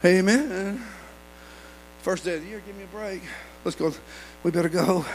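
A male pastor preaching a sermon, swinging from low murmurs to shouted lines, with many "uh" fillers. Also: moderate pace, slight background noise, low-quality recording.

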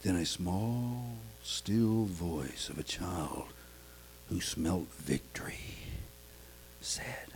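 A man's voice: deep voice, animated, extremely slow, long pauses, breathy edge, poor audio. A man pastor preaching a sermon, with a chanting cadence and frequent "uh" fillers.

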